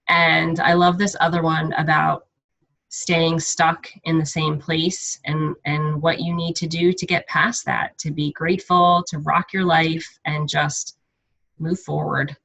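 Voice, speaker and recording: A woman's voice: low-pitched, fairly even intonation, measured pace, vocal fry, fairly bright tone. A middle-aged woman coach sharing personal stories on a team call, candid and self-conscious, laughing often. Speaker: guest speaker, fitness coach. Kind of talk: casual talk on a team video call. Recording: dull lo-fi call audio.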